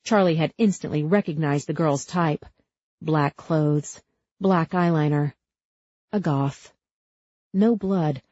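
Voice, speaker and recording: A woman narrates an audiobook in a measured, tense way, her voice low and husky. The recording is dry and a little dull. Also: dark tone, no echo. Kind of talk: scripted narration.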